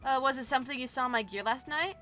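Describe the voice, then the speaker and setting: Young woman streamer, bright voice, fairly high, bubbly, reads game text with asides, soft music behind. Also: fast. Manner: bubbly, excitable, gushing asides. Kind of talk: reading a visual novel aloud with commentary.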